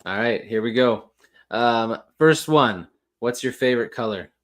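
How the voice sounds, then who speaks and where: Male show host, relaxed and easygoing, quick short reactions, heard over a video call. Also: mid-range voice. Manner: laid-back, quick short reactions and chuckles. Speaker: podcast host. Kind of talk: casual live interview.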